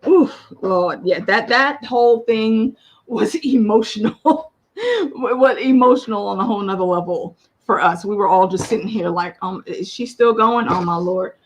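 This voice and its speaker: A woman hosting a casual show chat, talking in animated, quick bursts with laughter. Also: medium pitch. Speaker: host.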